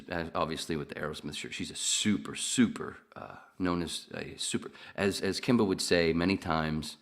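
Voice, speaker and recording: A man's voice: deep voice, fairly bright tone. A man hosting a podcast, telling long profane stories in a casual rambling way. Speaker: podcast host. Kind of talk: casual storytelling chat.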